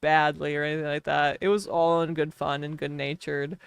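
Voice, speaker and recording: A woman's voice: low voice, fairly even intonation, brisk, gravelly, clear, resonant tone, dry recording. A woman with a Wisconsin accent chatting casually on a live game stream, laughing often and talking to her chat. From Wisconsin, US Midwest.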